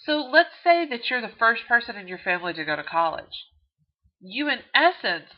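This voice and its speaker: Chatty Texan woman lecturing. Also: medium pitch. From Texas. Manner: chatty, lively, with frequent um fillers. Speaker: college instructor. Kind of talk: recorded video lecture. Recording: dull lo-fi video audio.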